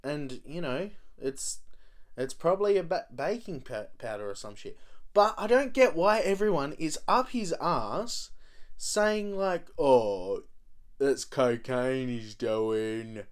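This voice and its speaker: Slow, profane man ranting. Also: high voice, big pitch swings. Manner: profane, rambling, stumbling restarts. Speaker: podcast host. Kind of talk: casual rant.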